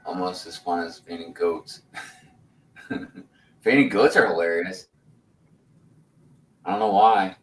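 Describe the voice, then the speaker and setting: A man in his forties chats loosely on a livestream, rambling and laughing easily as he reads out comments. His fairly low voice sounds roomy and set back from the mic. Faint room noise hums behind him. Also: slow, pauses often, a bit bright, far from the mic. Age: 40s. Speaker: host of a building livestream. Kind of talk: casual livestream chat.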